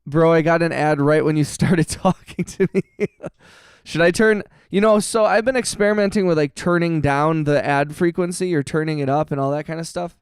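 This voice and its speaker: A man's voice: on the high side, moderate pace, smooth, dry recording, studio quality. A man hosting a music-making livestream from his phone, chatting casually with viewers, greeting them by name and laughing often. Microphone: phone mic.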